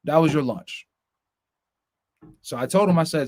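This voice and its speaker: A man's voice: on the high side, very animated, a little slow, pauses often, dry recording, clean studio sound. A young man hosting a podcast, telling a long story as a profane, ranting storyteller in casual chat. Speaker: podcast host.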